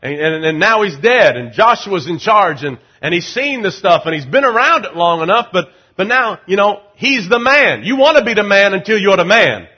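A middle-aged man preaching as pastor, urging the crowd to repeat lines and swinging from loud rising calls to low, confiding asides. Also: big pitch swings, normal speed, few pauses, slightly rough, highs cut off. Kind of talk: sermon.

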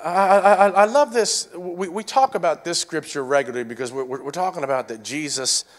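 A man preaching a sermon, urging the congregation to respond, repeating phrases and swinging from shouts to hushed lines. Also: on the high side, a little fast. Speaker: pastor.

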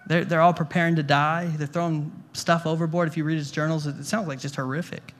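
A man with a slightly high voice and little pitch movement talks fast as he preaches to a congregation in a church hall. He speaks conversationally, repeating words and putting questions to the room.

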